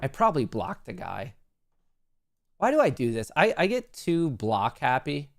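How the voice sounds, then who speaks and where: Male live-stream host with a gravelly voice and a dry, close sound, rambling through market commentary with jokes. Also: medium pitch, wildly swooping pitch, a little slow, dry recording. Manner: joking, rambling, self-mocking.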